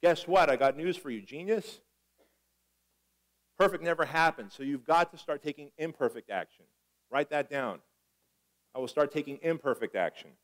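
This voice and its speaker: Animated, swearing motivational speaker, man. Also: on the high side, moderate pace, long pauses, rough recording. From Armenia. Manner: animated storytelling, swears, acts out dialogue. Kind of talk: live motivational talk.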